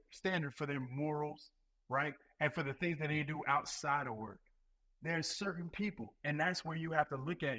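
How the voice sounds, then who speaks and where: A man in his thirties, a Marine recruiting leader, talks as a podcast guest. He swears freely and tells his stories with animated repetition. His voice sits somewhat high for a man. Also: rough recording. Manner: profane, animated storytelling with repetitions. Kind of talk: casual podcast chat.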